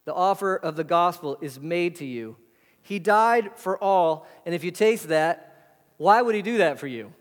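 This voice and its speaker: A pastor preaching a sermon in a conversational way, full of rhetorical questions. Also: male voice, sits high, lively intonation, unhurried. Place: church hall. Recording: hall reverb.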